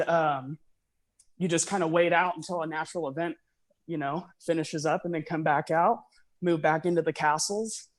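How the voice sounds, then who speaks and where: A man with a slightly higher voice rambles through a long call, piling up fillers and half-finished restarts. He sounds a little out of breath as he walks. The sound is dry and close, with no room around it. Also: dry recording. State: out of breath from walking. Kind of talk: casual conspiracy chat.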